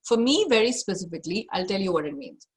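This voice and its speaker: A woman's voice: medium pitch, very animated, fast, husky. A woman career coach giving an online masterclass over a video call, direct and emphatic, stressing her key points more than once.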